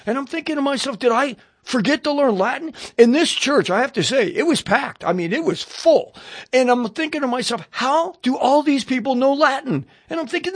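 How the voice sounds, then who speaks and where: Male preacher, high-pitched, dry close recording; lively testimony storyteller who addresses the listener head-on. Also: no room sound. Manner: animated storyteller voicing his own thoughts; direct, questioning the listener. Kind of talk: radio sermon testimony.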